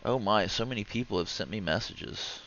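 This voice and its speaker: A man chatting casually on a livestream, rambling and swearing, with sudden loud outbursts. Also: on the low side, moderate pace, highs cut off, slight background noise. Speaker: streamer.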